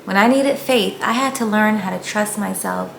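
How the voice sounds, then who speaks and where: A woman delivers a casual motivational talk, speaking to viewers in an earnest, encouraging way. Her voice carries a gravelly fry at mid pitch. The room is echoey, with faint background noise. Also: normal speed, a bit bright. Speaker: faith vlogger.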